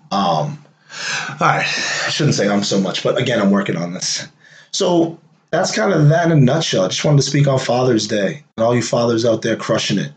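A man's voice: mid-range voice, echoey room, rough recording. A man in his late thirties talking candidly in a casual personal monologue, loose and conversational, full of fillers and wry laughs. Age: late 30s.

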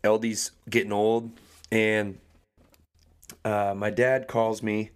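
A man's voice: fairly low pitch, takes it slowly, clear, resonant tone. A young adult man co-hosting a podcast, telling a story casually and acting out the people in it. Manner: animated storyteller, acts out quoted voices. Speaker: podcast co-host.

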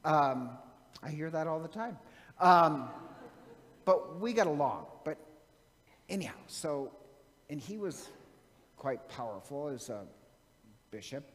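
A man's voice: fairly high pitch, animated, slow, pauses often. A man, a priest, casually telling an anecdote from his seminary days, rambling with many fillers and restarts. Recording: long hall reverb.

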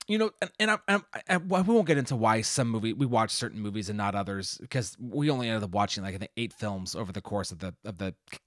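A man's voice: mid-range voice, fairly bright tone, no room sound, clean studio sound. A man co-hosting a film review podcast, chatting casually and rambling with many restarts. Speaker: podcast co-host.

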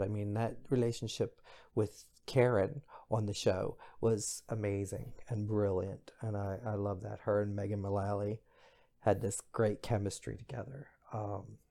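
A middle-aged man hosting a podcast, chatting in a gossipy, expressive way with bursts of high exclamation. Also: creaky. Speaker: podcast host. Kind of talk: casual pop culture commentary.

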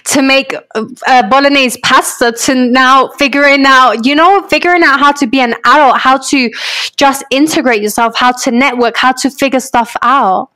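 A woman's voice: sits high, fairly even intonation, normal speed, sharp tone. A woman podcast host chatting casually, responding to her guest with sympathy and encouragement. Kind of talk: casual interview chat.

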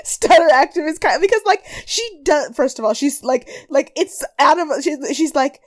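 A woman co-hosting a podcast in casual recap chat, animated and often laughing, with a mild stutter. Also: high voice, normal speed, few pauses. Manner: animated, laughing, mimics people in quoted voices. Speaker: podcast co-host.

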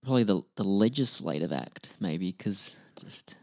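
A low-voiced man with a gravelly, creaky edge works through quiz questions out loud, half-muttering and cursing under his breath. The sound is dry and close, with no room echo. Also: animated, moderate pace. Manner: muttering, swears, thinks aloud. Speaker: quiz contestant, co-host. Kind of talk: casual chat.

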